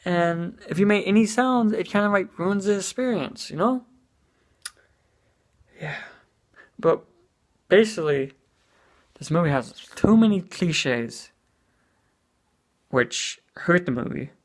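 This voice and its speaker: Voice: mid-range voice, animated, slow pace, pauses often. A speaker giving a casual spoken movie review as an exasperated rant, full of "you know" and swearing.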